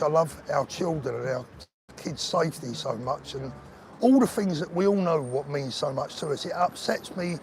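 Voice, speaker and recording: Streaming live outdoors, an older man from England reads viewer comments and talks straight to them, earnest and emotional. His voice sits a little high for a man, with faint street noise and the hum of passing traffic behind him.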